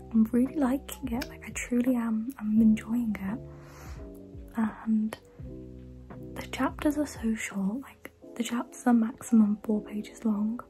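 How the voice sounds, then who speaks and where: A young woman talks through a book she is reading, keen and chatty, often dropping to a hushed near-whisper. Her voice is mellow and warm rather than bright, and faint background music plays under her. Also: a little high, rough recording. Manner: often whispering late at night, enthusiastic. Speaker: book vlogger. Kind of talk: casual book review vlog.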